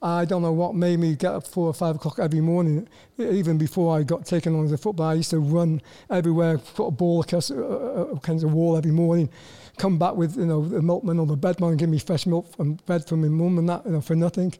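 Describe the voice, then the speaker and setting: This is a Welsh man in his sixties, chatting as an interview guest. His voice sits high but sounds soft and mellow. He stumbles and restarts often, repeating words in a self-deprecating way. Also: quick pace, hardly any pauses. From Wales. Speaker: guest, former footballer. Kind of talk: casual interview chat.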